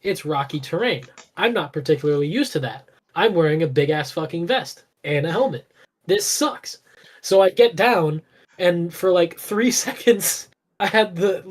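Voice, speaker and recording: A man's voice: fairly high pitch, moderate pace. Male soldier, casual chat, crude and laughing delivery.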